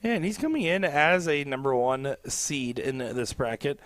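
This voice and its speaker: A man's voice: mid-range voice, normal speed, a bit bright, no echo. A male color commentator in a commentary booth at a live darts match, chatty and jokey, rambling with lots of fillers.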